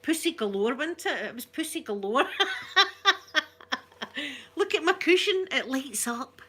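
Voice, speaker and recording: A Scottish woman hosting a relaxed live stream, chatting and giggling as she answers viewer comments. Her voice is bright and forward. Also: high voice, measured pace, slightly rough. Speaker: ASMR channel host. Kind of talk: casual live-stream chat.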